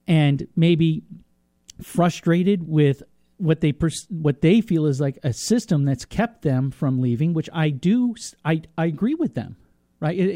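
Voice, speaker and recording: A man's voice: a little high, mellow, no echo, studio quality. A man hosting a talk radio show, speaking passionately off the cuff and stumbling over repeated words as he argues his point. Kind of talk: opinionated talk radio monologue.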